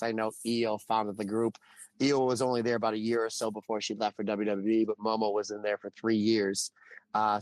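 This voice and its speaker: A man co-hosting a podcast, chatting casually and telling stories with lively energy. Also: medium pitch, no echo. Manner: animated storyteller. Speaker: podcast co-host.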